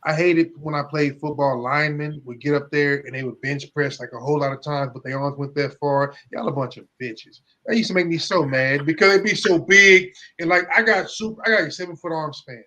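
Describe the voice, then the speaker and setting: Bright-voiced man in casual podcast banter. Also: a little high, a little fast, hardly any pauses. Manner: loose, profane banter with frequent laughs. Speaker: podcast co-host. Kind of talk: casual chat.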